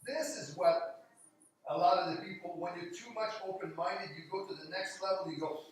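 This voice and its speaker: A man's voice: high-pitched, moderate pace, a little hiss or hum. A man in casual conversation, talking in an emphatic, skeptical way and acting out what other people say. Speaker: conversation partner. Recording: very echoey room, voice from far off the mic.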